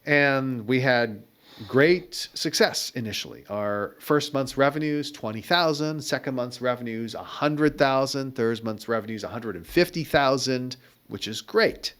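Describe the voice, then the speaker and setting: In an interview, a guest entrepreneur in middle age tells conversational stories about his working life, wry and thoughtful in tone. His voice sits in the mid-range and sounds a bit bright, and his delivery is measured.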